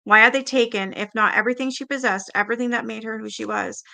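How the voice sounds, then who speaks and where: A woman's voice: a little high, fairly even intonation, fast talker, creaky, sharp tone. A woman reading a book aloud in a casual way, stumbling over words and stopping to react and swear.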